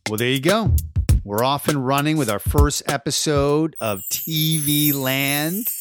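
A man's voice: fairly high pitch, measured pace, soft background music. A man hosting a podcast, talking in a laid-back, chatty and enthusiastic way. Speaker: podcast host. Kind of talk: casual podcast chat.

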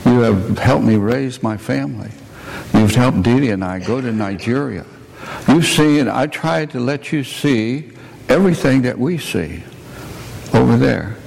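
A man's voice: mid-range voice, vocal fry. A man preacher and missionary telling stories in a plainspoken sermon to his congregation in a church sanctuary. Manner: plainspoken, warm asides to the congregation. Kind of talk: folksy sermon storytelling. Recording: long church reverb, faint noise.

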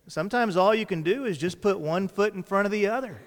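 A man preaching a sermon, slow and dramatic, dropping to soft lines and rising for emphasis. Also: high-pitched. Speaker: pastor. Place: large church hall. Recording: reverberant church hall.

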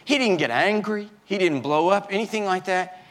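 A man, preaching as a pastor and telling his own story, moving from loud fury to quiet, halting confession. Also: sits high. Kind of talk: sermon testimony.

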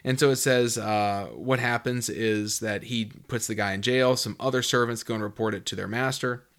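Male Bible teacher: reads passages, then unpacks them conversationally, with sudden leaps up in pitch for emphasis. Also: normal speed. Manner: reads scripture, then explains in a relaxed, musing way with fillers; swings into high, loud emphasis when stressing a point.

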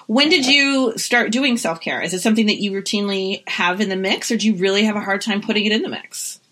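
A woman's voice: medium pitch, fast, fairly bright tone. A woman hosting a casual podcast conversation, musing reflectively with filler words before asking her questions.

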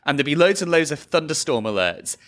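A British podcast host in casual chat with a very lively, swooping delivery. This speaker tells stories with animation and drops into mimicking other voices. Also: mid-range voice, brisk. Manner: animated storyteller who slips into mimicry.

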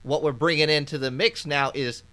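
A man's voice: fairly high pitch, fairly even intonation, normal speed, sharp tone. A man hosting a casual podcast, explaining news in a playful way with frequent laughs. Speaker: podcast host.

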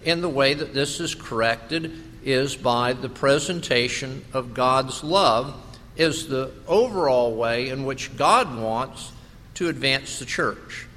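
Male pastor, slow deliberate delivery, bright forceful tone, big church reverb. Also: mid-range voice, slight background noise. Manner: slow, emphatic preaching with rhetorical questions. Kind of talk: sermon.

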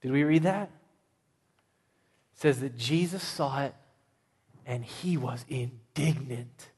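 A man preaching a sermon as pastor, emphatic, swinging from loud points to hushed ones. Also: medium pitch, slow pace, breathy edge. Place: large church sanctuary. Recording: long reverb of a large church hall.

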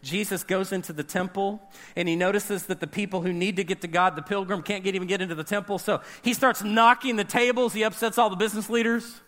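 A man's voice: sits high, fairly even intonation, fast talker, fairly bright tone. A man preaching a sermon, explaining a scripture passage verse by verse and asking his listeners questions. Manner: expository, questioning the listeners and re-enacting the scene. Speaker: pastor.

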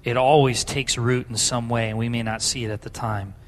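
A man with a steady, medium-pitched voice leads a congregation in an earnest public prayer in a church sanctuary. He speaks briskly, repeating simple phrases.

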